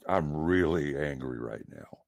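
A man's voice: rumbling low, measured pace, creaky, darkish tone, no echo, studio quality. A man calling in to a talk show, speaking earnestly and with emphasis. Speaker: caller.

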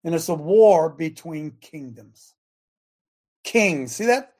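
A middle-aged male radio host preaching on scripture. He talks to his audience and producer in a casual, chatty way, then grows emphatic and loud as he drives each point home. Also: on the high side, lively intonation, takes it slowly. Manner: emphatic, rising to near shouts when quoting scripture; chatty, speaks directly to listeners and producer. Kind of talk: sermon-style Bible teaching.

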